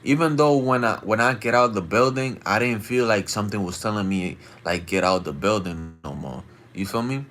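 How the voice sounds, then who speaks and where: A man with a fairly low voice spins a late-night story for his stream, slangy and rambling, checking in with his listeners again and again. He acts out the loud shouting of the people in his tale, jumping high above his usual pitch. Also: brisk, hardly any pauses. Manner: slangy and rambling, keeps asking "you feel me".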